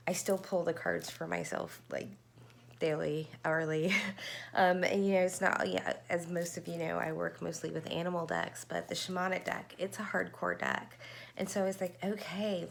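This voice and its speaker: A woman's voice: lowish voice, creaky, a little hiss or hum. A woman tarot reader in a rambling, chatty vlog, often stopping to correct herself. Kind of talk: casual tarot reading chat.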